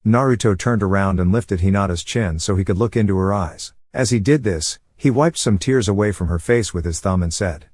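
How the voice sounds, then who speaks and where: A man narrating a fan-fiction story in a plain, steady reading voice. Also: low voice, fairly quick, hardly any pauses, breathy edge, no echo, studio quality. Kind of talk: audiobook-style story reading.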